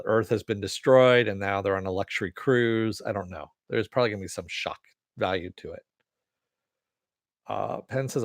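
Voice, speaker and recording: This podcast host has a lowish voice, heard in studio quality with no echo. His talk is a casual ramble through entertainment news and listener comments, relaxed and profane, broken up by frequent laughter.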